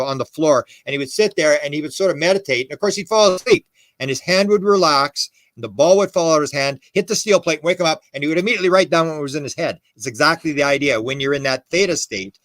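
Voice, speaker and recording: Guy rambling and emphatic on a podcast call, kinda high voice, dry close sound. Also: fairly bright tone, dry recording. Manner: emphatic, rambling with restarts and quoted dialogue. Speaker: podcast guest, UFO historian. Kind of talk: animated conversational storytelling.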